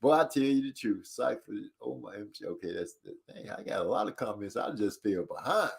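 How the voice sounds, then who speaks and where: A man's voice: on the low side, animated, brisk, gravelly. A man hosting a casual stream who playfully reads viewer comments aloud. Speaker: host reading chat comments. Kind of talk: casual chat.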